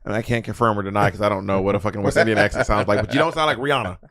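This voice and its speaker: A man's voice: on the low side, racing, a bit bright, no room sound, clean studio sound. A man co-hosting a podcast, chatting casually and teasing his co-host with jokes. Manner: teasing, joking, talks with hands. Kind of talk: casual chat.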